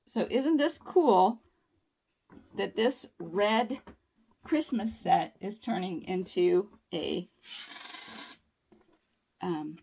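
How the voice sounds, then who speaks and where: A woman's voice: medium pitch, drawn-out words, vocal fry, long pauses, warm tone, husky. A woman chatting upbeat and reassuring through a nail tutorial, with folksy phrasing. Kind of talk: casual tutorial talk.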